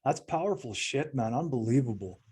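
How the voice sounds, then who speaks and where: A male podcast host with a husky voice talks at an ordinary pitch. He responds to his guest in a sympathetic way that stays casual and blunt, with some swearing. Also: animated, fairly quick, a little mellow. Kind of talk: casual interview chat.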